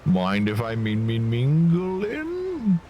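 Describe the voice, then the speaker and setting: A man voicing a rowdy party-crashing islander with a put-on Southern US accent, drawn-out and hooting. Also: mid-range voice, wildly swooping pitch, highs cut off, a little hiss or hum, voice pushed up. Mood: gleeful.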